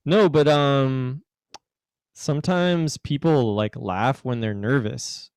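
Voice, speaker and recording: Male podcast host, smooth and dry-sounding, rambling and jokey. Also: mid-range voice, takes it slowly, a little mellow, dry recording. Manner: teasing, rambling, puts on a joke British accent. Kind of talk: casual podcast chat.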